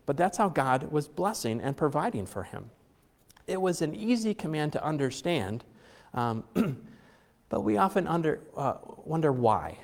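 Chatty pastor in an echoing hall. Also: male voice, fairly high pitch, big pitch swings, unhurried, creaky. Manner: chatty, joking asides, many fillers and restarts. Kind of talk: conversational sermon. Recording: long hall reverb.

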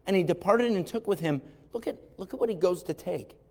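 A man preaching a sermon as an animated storyteller who acts out voices and adds wry asides, recorded in a church sanctuary. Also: high voice, a little fast. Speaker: pastor. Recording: long hall reverb.

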